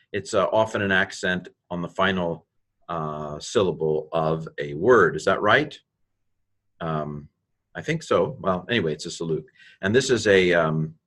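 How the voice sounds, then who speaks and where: Slow, deliberate male teacher. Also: lowish voice, a bit bright. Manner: spells out letters slowly, thinking aloud. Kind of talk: recorded language lesson.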